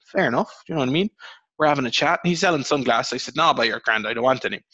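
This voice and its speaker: A young Irish man chatting fast on a podcast, rambling and cursing as he tells his stories, his voice leaping high when he gets worked up. The sound is dry and a bit dull, like a cheap close mic. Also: husky, no echo. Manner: rambling, swears, animated storytelling with pitch jumps. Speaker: podcast host. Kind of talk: casual podcast chat.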